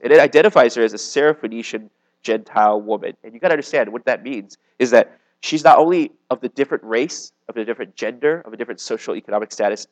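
In a meeting room with a young live audience, a man who is probably a youth pastor gives a relaxed, conversational sermon full of "like" and "okay?". He speaks at a medium pitch, and the audio is poor.

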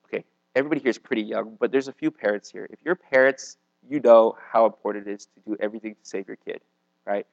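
A man's voice: lowish voice, fairly even intonation, fast talker, creaky, lo-fi sound. A man, likely a youth pastor, preaching a casual sermon to a young live audience in a conversational way, with lots of "like" and "okay?". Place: meeting room with a live audience.

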